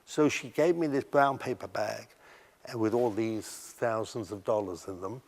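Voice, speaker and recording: A man's voice: on the low side, vocal fry, darkish tone. Older man recounting memories, long reverb. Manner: halting storyteller, restarting sentences. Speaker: interviewee. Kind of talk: recounting memories in a documentary interview.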